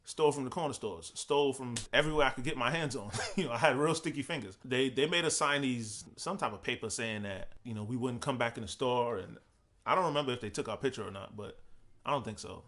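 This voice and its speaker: Young guy from providence, rapid bright voice, swears a lot and laughs thru his story. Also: medium pitch. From Providence, Rhode Island. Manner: laid-back, profane, laughs through stories. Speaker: podcast host. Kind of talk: casual storytelling.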